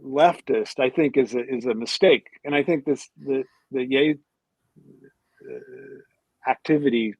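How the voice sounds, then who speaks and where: A man's voice: medium pitch, unhurried, a little mellow, dry recording, low-quality recording. A male philosopher and author, a podcast guest explaining ideas in casual talk, with many restarts and repeated words.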